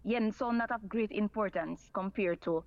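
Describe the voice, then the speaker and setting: A woman's voice: medium pitch, normal speed, darkish tone, highs cut off. A woman calling in to talk radio, earnestly repeating her points.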